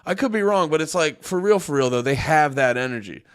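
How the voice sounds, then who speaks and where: A man's voice: on the high side, animated, brisk, clean tone. A man streaming casual reaction commentary, exasperated and profane, rambling with lots of fillers.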